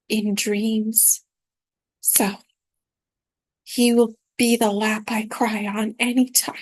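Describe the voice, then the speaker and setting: A woman reading aloud from her own spiritual dream journal in a soft, unhurried, reflective way. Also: fairly high pitch, dry recording.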